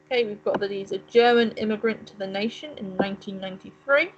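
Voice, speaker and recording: A woman's voice: medium pitch, fast, lo-fi sound. A woman co-hosting a let's play, chatting and musing aloud as she reads game text. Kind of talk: casual gaming commentary.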